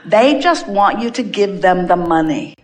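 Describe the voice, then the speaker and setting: A woman delivers an inspirational talk as a spiritual teacher, speaking as a collective "we". She is emphatic and repetitive, drawing out the words she wants to land. Her voice sits at an ordinary middle pitch. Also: expressive, measured pace, crowd noise.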